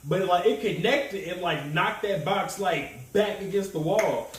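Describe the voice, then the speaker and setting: A man co-hosting a casual podcast, telling animated stories, swearing freely and mimicking others in a high voice. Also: measured pace. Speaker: podcast co-host. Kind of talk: casual chat. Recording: echoey room, distant mic, faint noise.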